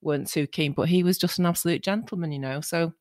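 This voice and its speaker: A woman's voice: lowish voice, quick pace, darkish tone, no echo. Female host for a casual interview, friendly prompting questions, dry close sound.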